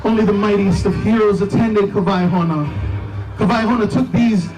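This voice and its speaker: A man's voice: sits high, moderate pace, close to an everyday voice. A man playing Spider-Man at a noisy assembly. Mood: storytelling. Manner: joking, teasing the audience. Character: costumed Spider-Man hosting a school assembly. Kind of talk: playful assembly storytelling. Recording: distant mic, loud crowd and music.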